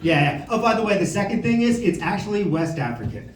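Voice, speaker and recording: A man performing stand-up with a high, lively voice that jumps all over the place. He is heard from a distance in an echoey club room. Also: fast, a little hiss or hum. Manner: animated, switches into silly voices for characters. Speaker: amateur stand-up comedian. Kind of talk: stand-up comedy set. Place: comedy club stage. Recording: roomy club sound from a distance.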